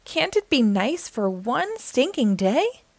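A woman's voice: sits high, big pitch swings, slow, no room sound, full character voice. A woman voicing a grumpy male monkey who grumbles and snaps in a storybook. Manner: grumbling, snapping.

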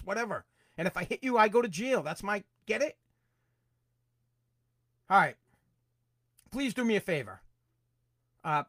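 Man, podcast host, heated profane rant, high-pitched voice, dry close sound. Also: no room sound. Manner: angry, profane, repetitive, shouts in bursts. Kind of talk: political rant.

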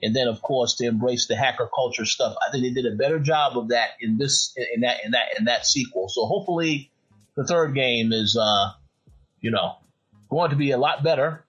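A man's voice: mid-range voice, normal speed, fairly bright tone, breathy edge, highs cut off, faint music behind. A man hosting a casual podcast chat, stammering on repeated words and hedging as he talks. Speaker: podcast host.

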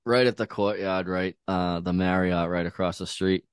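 A man's voice: sits low, fairly even intonation, moderate pace, clean tone, no echo, clean studio sound. A man telling a laid-back story as a podcast host, swearing often and filling his talk with "like" and "dude". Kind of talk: casual storytelling chat.

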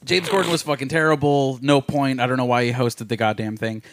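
A man's voice: mid-range voice, steady tone, a little fast. A man co-hosting a casual podcast chat, blunt and opinionated and swearing freely. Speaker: podcast co-host.

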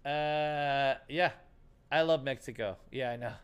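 Animated storytelling man, smooth voice. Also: mid-range voice, a little slow, muffled recording. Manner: animated, acts out dialogue, laughs often. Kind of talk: casual storytelling chat.

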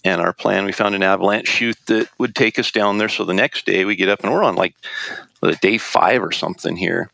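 A man with a very low, gravelly voice tells a rambling story, stopping to restart and acting out what people said. The recording is dry and close, with no room sound. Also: brisk, pushed and bright, no echo. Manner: rambling, with restarts and quoted dialogue. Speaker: guest recounting a hunting trip. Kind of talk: casual storytelling.

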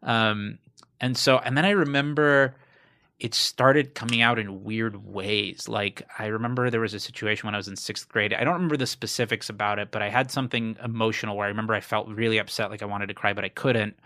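A man from South Florida talks as a podcast guest in a low, bright, forward voice. He tells candid stories in a rambling, conversational way, circling back on his own sentences. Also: steady tone, fairly quick. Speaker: guest, comedian.

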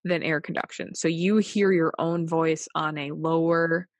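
A woman's voice: deep voice, steady tone, a little slow, no echo. A woman co-hosting a podcast in casual, jokey chat, swearing freely. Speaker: podcast co-host.

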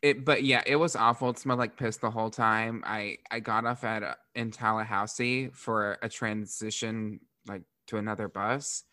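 A young man from Florida, a drag performer hosting a podcast, telling stories in a casual, animated way with frequent swearing and laughter. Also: lowish voice, normal speed, hardly any pauses, no echo, studio quality. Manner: animated, profane, laughs often. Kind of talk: casual storytelling.

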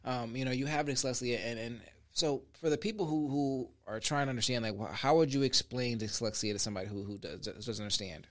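A man's voice: mid-range voice, brisk, few pauses. Hesitant male interviewer. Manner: hesitant, searching for words. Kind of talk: casual interview questions.

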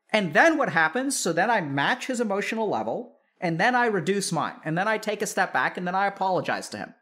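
A man, a psychiatrist, explaining in casual chat to a live audience, animated and full of filler words. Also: sits high, fairly quick, few pauses. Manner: animated, filler-heavy, addresses audience directly. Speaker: psychiatrist and streamer host.

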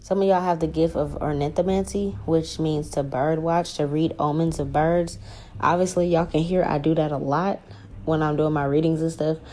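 A woman's voice: deep voice, steady tone, normal speed, a little mellow, slight background noise. A young woman hosting a spiritual podcast, talking in a laid-back, rambling way and swearing casually. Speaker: podcast host.

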